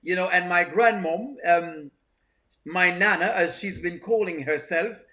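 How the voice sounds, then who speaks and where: A man putting on a spoiled posh child with a bright, high, affected voice. He is lofty and prissy, sighing out "you know" and "after all" as if everyone else were beneath him. The comedy comes from the put-on airs. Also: sing-song, slow, full character voice. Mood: haughty. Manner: prissy, affected fancy talk. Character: snobbish posh little boy mocking his mother.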